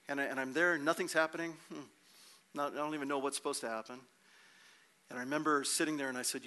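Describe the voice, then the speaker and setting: A male pastor delivers a sermon, telling a personal story with lively energy and acting out the people in it. His voice is bright and forceful and sits a little high for a man. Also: brisk, pauses often. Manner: animated storytelling with acted quotes.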